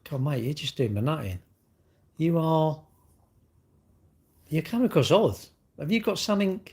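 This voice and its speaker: Husky English man chatting on a livestream. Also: on the high side, big pitch swings, unhurried, pauses often, a little mellow. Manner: rambling, chatty, mocking. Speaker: livestream host. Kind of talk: casual chat reading live comments.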